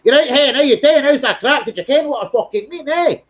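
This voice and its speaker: A man voicing an excitable caller on the phone in a squealing, sing-song put-on voice with crude, jokey phrasing. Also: extremely high pitch, fairly quick, lo-fi sound, voice pushed up. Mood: excited.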